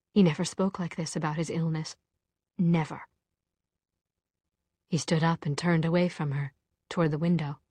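A woman narrating a novel in a measured, softly dramatic reading. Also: on the low side, no echo. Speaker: audiobook narrator. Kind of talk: scripted narration.

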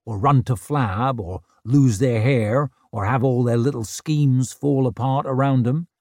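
A man's voice: medium pitch, a little slow, dark tone, no room sound, studio quality, natural voice. A man voicing a brash young woman chieftain who needles and teases in a cheeky, mocking way.

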